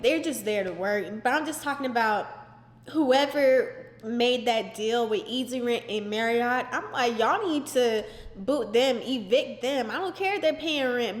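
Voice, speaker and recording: A young woman telling an exasperated storytime in casual chat, animated and full of "like" fillers. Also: a little high. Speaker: vlogger. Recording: roomy echoey indoor recording.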